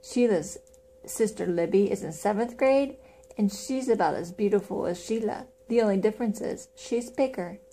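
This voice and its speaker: A woman's voice: medium pitch, normal speed, mellow, a little hiss or hum. A woman reading a children's book aloud in a casual way, with small slips. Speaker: reader.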